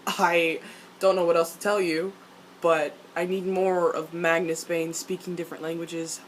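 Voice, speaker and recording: A woman ranting as a vlogger about a TV episode, swearing a lot and jumping up in pitch and loudness. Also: normal speed, a little hiss or hum, rough recording. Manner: excited, swears often, jumps up in pitch and loudness. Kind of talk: fan reaction rant.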